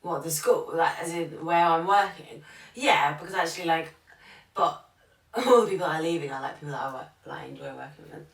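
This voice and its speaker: Low, gravelly woman telling stories. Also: fairly quick. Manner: chatty storytelling, acting out what others said. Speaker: podcast co-host and primary school teacher. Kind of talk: casual podcast chat. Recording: echoey room, far from the mic.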